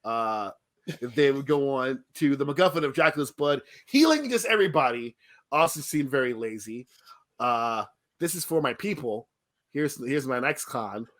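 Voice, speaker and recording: Blunt, bright-voiced man reviewing a film. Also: medium pitch, animated, moderate pace. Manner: blunt, complaining, laughs often. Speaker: podcast co-host. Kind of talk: casual movie review chat.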